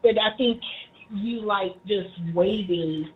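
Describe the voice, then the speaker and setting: A woman chatting casually on a talk show, animated and teasing, laughing often. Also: mid-range voice, takes it slowly, narrow, tinny audio, noisy background.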